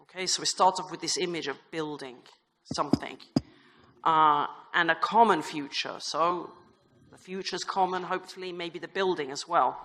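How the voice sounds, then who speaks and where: A woman's voice: on the low side, moderate pace, background noise. A woman, a religious sister and university vice rector, giving an informal, chatty conference talk with self-deprecating asides and frequent restarts. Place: large conference hall in a crypt. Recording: long reverb of a large hall.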